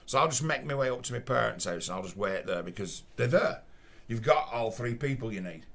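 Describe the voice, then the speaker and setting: With a Northern English Lancashire accent, a man tells a story bluntly and casually, swearing often and acting out what other people said. His medium-pitched voice is animated, creaky, fairly bright, and fairly quick.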